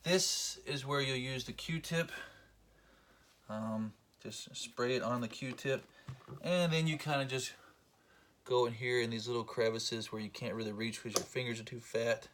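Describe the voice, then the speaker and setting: A man's voice: mid-range voice, unhurried, a bit bright. A man giving a casual, joking how-to tutorial, talking to the camera while he works. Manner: joking, self-deprecating, talks while working. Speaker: collector demonstrating belt cleaning.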